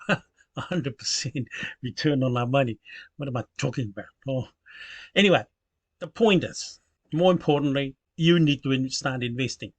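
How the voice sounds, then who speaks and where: A man's voice: mid-range voice, fairly bright tone, dry recording. A man hosting his channel, talking casually through a screen recording with many fillers and self-corrections. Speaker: channel host.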